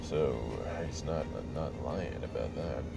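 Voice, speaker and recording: A man's voice: rumbling low, slow pace, creaky, over music. A man hosting a podcast, casually retelling a game's story in a rambling, joking way with lots of fillers. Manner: rambling and joking, many fillers, acts out quotes. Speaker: podcast host. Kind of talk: casual recap of a video game story.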